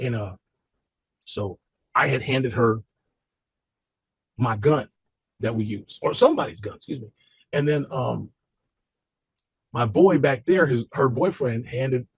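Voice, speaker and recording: A man with a gravelly, husky voice tells a story in a relaxed, casual way, leaning on loose street talk and cursing. His asides come back again and again as he talks. The sound is close and dry, with no room around it. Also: medium pitch, no room sound.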